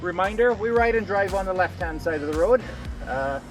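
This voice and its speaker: A man with a notably high voice leads a bike tour, handing out friendly pointers and bits of history in an easy, instructive way. Clear music plays behind him. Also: normal speed. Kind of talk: guiding a group tour.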